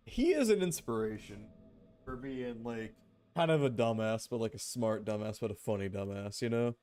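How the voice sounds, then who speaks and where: A man's voice: fairly low pitch, steady tone, normal speed, a little mellow, clear, resonant tone. A man streaming a game, chatting casually, joking and swearing now and then. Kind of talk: casual gameplay commentary.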